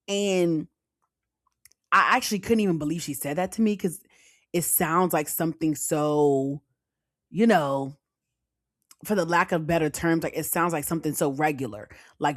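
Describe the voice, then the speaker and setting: A woman's voice: fairly low pitch, normal speed, no echo. Chatty young woman podcaster, dry sound. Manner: chatty, addresses listeners as girl, child, honey. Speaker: podcast host. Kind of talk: casual storytime podcast talk.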